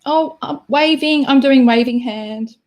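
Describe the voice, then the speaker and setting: High-pitched and a little slow, a young Australian woman hosts a laid-back livestream. She talks chattily and runs herself down as she responds to her chat.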